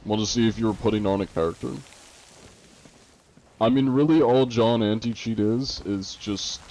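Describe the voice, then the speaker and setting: A man's voice: lowish voice, normal speed, darkish tone, low-quality recording. A man streaming a game and chatting with teammates and viewers, role-playing a judge in a teasing, mock-formal way.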